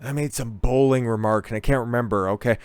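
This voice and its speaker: Smooth-voiced man ranting crudely. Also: mid-range voice, fairly even intonation, quick pace, dry recording. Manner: crude, profane, rambling, keeps tagging "okay?". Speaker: online commentator. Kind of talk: ranting commentary and storytelling.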